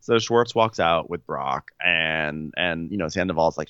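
A man's voice: deep voice, unhurried, bright, forceful tone, smooth, no echo, lo-fi sound. A man co-hosting a podcast, retelling reality show scenes in a casual storytelling way, full of filler words. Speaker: podcast co-host. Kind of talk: casual recap narration.

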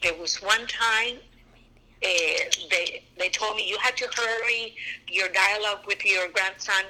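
Older Cuban actress, Spanish native, strong accent, animated storyteller, crisp bright tone, casual interview guest. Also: female voice, mid-range voice, measured pace, poor audio. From Cuba.

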